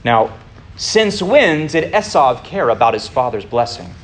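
A man's voice: medium pitch, sing-song, a little slow, a little hiss or hum. Man teaching scripture in a casual way. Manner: asks the listeners rhetorical questions; informal, with fillers and restarts. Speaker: Bible study teacher. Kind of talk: conversational Bible teaching.

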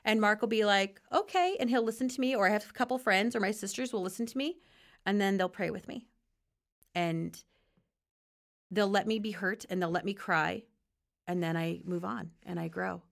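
Woman guest, gravelly mid-range voice, earnest testimony with quick laughs. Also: mid-range voice. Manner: earnest, laughs easily, acts out quoted dialogue. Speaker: guest sharing her testimony. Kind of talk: heartfelt conversational testimony.

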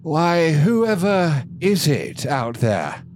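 A man voicing a fretful old high overseer who speaks slowly and tries to wave people off. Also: wildly swooping pitch, darkish tone, a little hiss or hum, heavily acted. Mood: dismissive. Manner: slow, fretful, dismissive.

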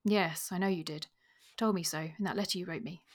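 A woman reading as a bashful young gentleman suitor. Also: fairly low pitch, a little fast, a little hiss or hum, close to an everyday voice. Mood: earnest. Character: young gentleman suitor, plain-spoken, slangy.

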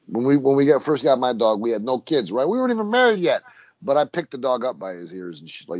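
A man co-hosting a podcast, talking in loose casual chat and cursing freely. His pitch swings widely as he talks. The sound is dry and a little dull. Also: quick pace, no echo. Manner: loose and profane, lively swings in loudness. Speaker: podcast co-host.

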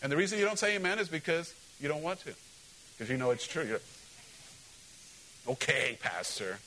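A male pastor preaching a sermon in an animated, joking way, often asking the congregation questions. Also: on the high side, quick pace, slight background noise, low-quality recording.

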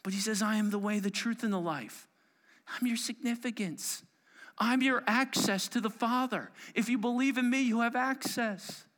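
A middle-aged male pastor preaching a sermon, emphatic and swinging from loud declarations to hushed whispers. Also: extremely high pitch, moderate pace.

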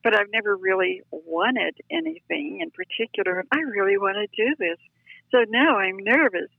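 An older woman telling lively, self-deprecating stories as a guest, heard over a phone line. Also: medium pitch, moderate pace, gravelly, breathy edge, no echo. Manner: chatty, self-deprecating, animated. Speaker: guest storyteller. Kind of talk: anecdotal storytelling.

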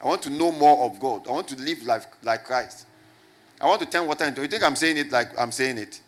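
A man's voice: mid-range voice, brisk, fairly bright tone. Man preaching with call-and-response. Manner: call-and-response preaching, repeats questions to the crowd. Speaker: pastor. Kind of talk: sermon to a congregation.

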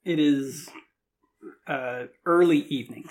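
A man running a tabletop game as game master, easygoing and halting while he works through the rules and describes the scene. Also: fairly high pitch, a little mellow. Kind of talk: casual game narration.

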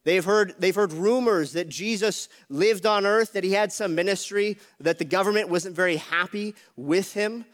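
High-voiced preacher teaching a sermon. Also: male voice, moderate pace, hardly any pauses. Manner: teaching, explains Greek words to the congregation.

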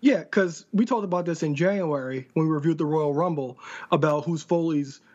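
A man's voice: a little high, normal speed, a little mellow, highs cut off. A man co-hosting a podcast, chatting casually and laughing often. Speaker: podcast co-host. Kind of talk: casual chat.

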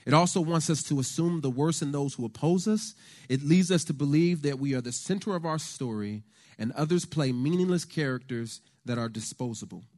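An American man giving a conversational, faith-based talk on politics to a church lunch audience, telling stories with lively asides. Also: fairly high pitch, brisk. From United States. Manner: animated storyteller, conversational with the audience.

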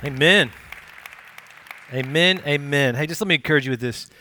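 A man's voice: on the high side, moderate pace, pushed and bright, soft background music, some chatter behind. A man pastor giving a live sermon at a church service, talking in a conversational, encouraging way with many fillers and restarts.

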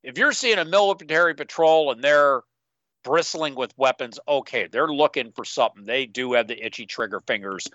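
A man co-hosting a casual podcast, rambling and slipping into quick in-character asides. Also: medium pitch, sharp tone, dry recording. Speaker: podcast co-host. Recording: dull, slightly lo-fi, dry sound.

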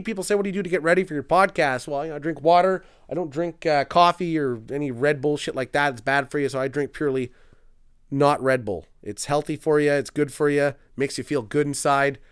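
A young man from Canada hosts a casual live-stream podcast and riffs on viewer comments with crude, self-mocking jokes. His voice is smooth and fairly high. He sounds loose and unscripted. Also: brisk. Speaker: podcast host.

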